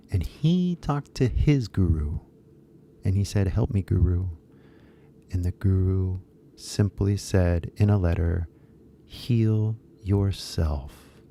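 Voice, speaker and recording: A man's voice: sits low, mellow, slight background noise. A man with an American accent giving a casual, rambling English pronunciation lesson, repeating key words for emphasis. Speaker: English teacher.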